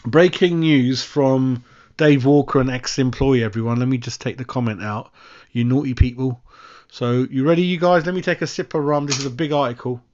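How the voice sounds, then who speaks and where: A man chats loosely through a fan live stream, drifting between thoughts and calling everyone mate. His voice sits at a middling pitch. The audio is a little dull and lo-fi. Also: steady tone, brisk, a little mellow. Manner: chatty, rambling, says mate constantly. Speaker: fan channel host. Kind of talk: casual live-stream chat.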